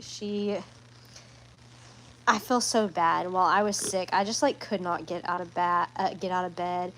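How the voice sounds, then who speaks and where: A woman's voice: lowish voice, steady tone, unhurried, a bit bright, slight background noise, low-quality recording. A young woman chatting casually in a home vlog, rambling with restarts and fillers. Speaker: vlogger.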